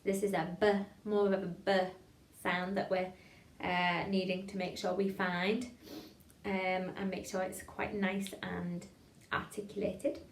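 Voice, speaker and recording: A woman leading an online voice warm-up lesson, encouraging her students and modeling each phrase slowly and clearly. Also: mid-range voice, flat delivery, reverberant, slight background noise. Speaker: voice and drama teacher.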